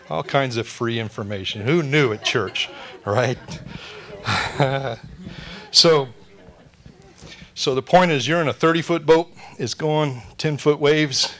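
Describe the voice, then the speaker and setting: A man delivers a sermon in church, his voice sitting in an ordinary middle pitch. He mixes quick jokes into plain teaching, then goes soft and hushed when he turns to prayer. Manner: joking asides, drops to a soft hush for prayer. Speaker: pastor.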